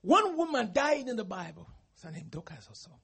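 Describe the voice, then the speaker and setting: Man, pastor, sermon, raspy husky voice, gravelly, dramatic. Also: very high-pitched, very animated, fairly quick. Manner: dramatic, swings from hush to shouting.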